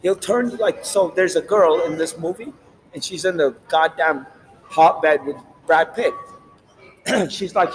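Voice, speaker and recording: A man delivering a rambling, profane, animated monologue as the host of his own channel. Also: a little high, slow pace, slight background noise, poor audio. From Latin America.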